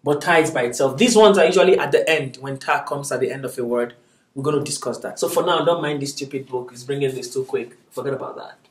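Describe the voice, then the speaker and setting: A man's voice: medium pitch, fast talker, far from the mic. Patient man teaching in an echoey room. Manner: patient, checks in with students constantly; encouraging, drills syllables aloud. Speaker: Arabic teacher. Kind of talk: classroom lesson. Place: classroom.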